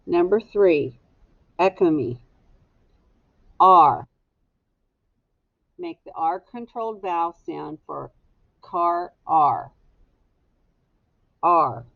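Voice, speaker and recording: A woman's voice: lowish voice, animated, gravelly, no room sound, narrow, tinny audio. A woman teacher dictating a spelling test to young students, sounding out each word syllable by syllable. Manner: slow, deliberate, sounds words out syllable by syllable.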